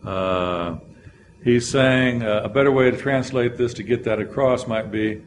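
A man's voice: mid-range voice, a little slow, slight background noise. Man teaching a Bible lesson. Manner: explanatory, reads scripture aloud with frequent "uh" fillers. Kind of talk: classroom Bible lecture.

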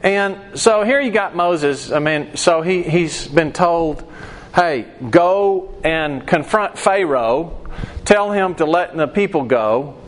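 A man's voice: on the high side, lively intonation, takes it slowly. A man leading a Bible study class in a conversational way, acting out quoted voices and asking the class questions.

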